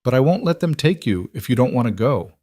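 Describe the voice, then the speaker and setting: A man's voice: medium pitch, big pitch swings, a little fast, dark tone, no echo, studio quality, voice pushed up, natural voice. A man voicing a hardened, grim male rancher and war veteran who speaks in short, clipped lines. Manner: terse, clipped.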